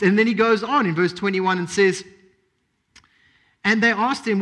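A man's voice: high voice, normal speed, long pauses, fairly bright tone. A man preaching a sermon, emphatic, repeating key phrases and asking rhetorical questions.

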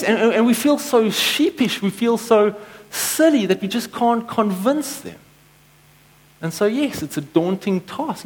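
A man preaching a sermon, telling stories and acting out quotes with lively energy. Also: on the high side, low-quality recording. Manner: storytelling, animated with acted-out quotes. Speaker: pastor.

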